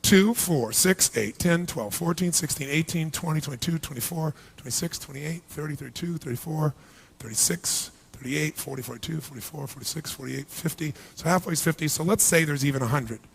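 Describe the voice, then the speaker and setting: A man's voice: a little high, fairly quick, vocal fry, breathy edge. A man giving a motivational seminar speech to a large live audience, firing rhetorical questions at them and acting out their inner voices. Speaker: motivational speaker.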